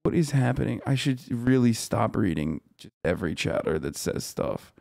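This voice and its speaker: A man streaming live, reading news aloud and commenting on it with quick, profane, exasperated remarks. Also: medium pitch, lively intonation, gravelly, a little mellow. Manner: rapid, profane, exasperated ranting.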